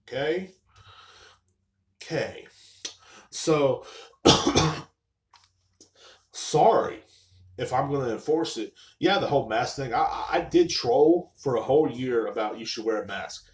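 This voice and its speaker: A man's voice: mid-range voice, expressive, slow pace, pauses often. A man hosting a podcast from a live stream, ranting casually with lots of swearing and sounding short of breath. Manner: profane, rambling, mocking. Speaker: podcast host. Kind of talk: casual rant. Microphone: live stream mic.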